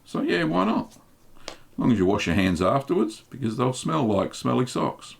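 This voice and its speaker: An Australian man hosting a live stream, reading viewer chat aloud and answering questions in a relaxed, chatty way with many ums. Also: mid-range voice, normal speed, creaky, breathy edge. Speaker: host.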